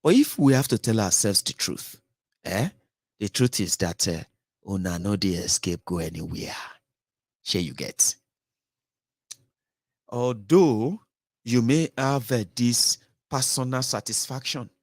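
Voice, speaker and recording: A man's voice: medium pitch, animated, a little slow, darkish tone, no echo. Sardonic Nigerian man, dry close sound. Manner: sardonic, mixing in pidgin and Yoruba. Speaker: political commentator. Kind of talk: casual vlog commentary.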